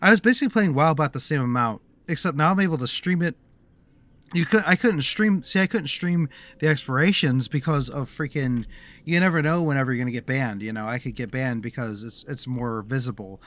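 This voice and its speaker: A man chatting casually over his gameplay in a middle-pitched voice. He rambles and restarts his thoughts often, talking straight to his viewers. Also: a little fast, fairly bright tone. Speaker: livestreamer.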